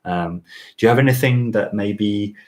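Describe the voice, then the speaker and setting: Deep-voiced male host, loose Q&A chat, lots of ums and restarts. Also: moderate pace, darkish tone. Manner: rambling with many fillers and restarts. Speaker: channel host teaching French. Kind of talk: relaxed Q&A chat.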